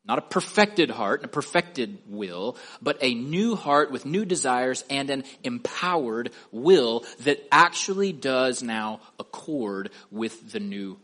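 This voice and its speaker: Male preacher, mid-pitched voice, sermon delivery with rhetorical questions and slow, weighty endings. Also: fairly bright tone.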